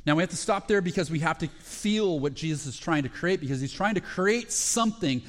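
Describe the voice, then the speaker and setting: Guy preaching, fairly high voice, tells stories in choppy bits with lots of uh's and restarts. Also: brisk. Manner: storytelling preacher, retelling parables with rising excitement; speaks in short phrases with frequent fillers and restarts. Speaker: pastor. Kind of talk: sermon.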